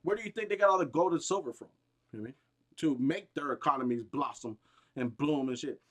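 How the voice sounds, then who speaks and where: A gaming streamer delivering a heated, rambling, profane rant, restarting sentences often and bursting out with emphasis. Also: male voice, a little high, fast talker. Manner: agitated, emphatic outbursts.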